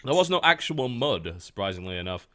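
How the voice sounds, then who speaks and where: A man's voice: medium pitch, very animated, brisk, bright, forceful tone. A man, a podcast host telling a story in casual chat, dry and understated.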